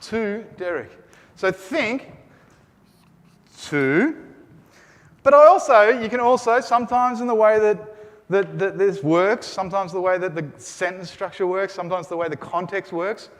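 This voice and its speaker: A man's voice: high voice, normal speed, big-room sound. A man teaching Greek grammar in a lecture, drilling his students with call and response. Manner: energetic, call-and-response drilling, rising to shouts. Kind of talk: classroom lecture. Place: lecture room.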